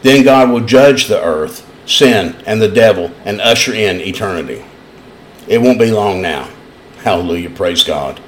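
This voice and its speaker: A man's voice: fairly low pitch, lively intonation, unhurried, slight background noise. A man preaching a sermon in an East Tennessee accent, telling folksy stories in an earnest way. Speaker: pastor.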